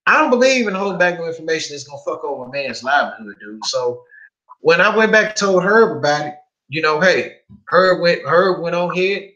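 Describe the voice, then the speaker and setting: Profane, animated podcast host in an echoey room. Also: male voice, a little high, fairly quick, muffled recording. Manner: profane, animated storytelling with quoted dialogue. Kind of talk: casual podcast storytelling.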